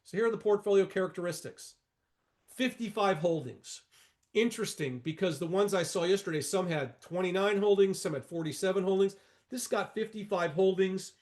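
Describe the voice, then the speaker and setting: A man in his sixties with a notably high speaking voice leads a trading lesson, pulling up charts as he goes. He is emphatic and repetitive, tossing folksy asides at his viewers. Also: moderate pace, a little mellow. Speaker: market educator.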